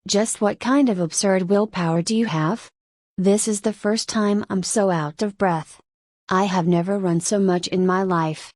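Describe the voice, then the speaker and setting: A woman's voice: medium pitch, steady tone, unhurried, a little mellow, no room sound, clean studio sound, natural voice. A woman voicing a smug teenage boy who teases and questions his training partner in an audiobook reading. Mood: breathless.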